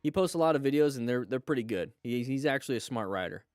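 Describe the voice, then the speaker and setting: Guy doing live commentary on bike crash clips, mid-pitched, excitable, coachy, faint music behind. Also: fast talker, no room sound, studio quality. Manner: lively, exclaiming and coaching. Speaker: host reviewing motorcycle crash videos.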